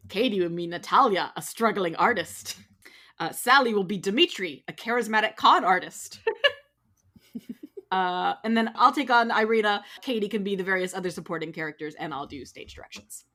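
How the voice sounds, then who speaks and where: A woman's voice: medium pitch, normal speed, a bit bright. A woman hosting a comedy podcast, chatting casually with lots of laughter and setting up a script reading. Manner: giggly, introduces cast and reads stage directions. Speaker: podcast host.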